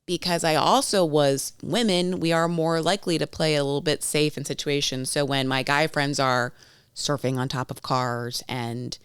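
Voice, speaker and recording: Low smooth woman host, chatty storyteller, dry sound. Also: normal speed, no echo. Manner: chatty, animated storytelling with quoted voices. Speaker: podcast co-host. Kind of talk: casual chat.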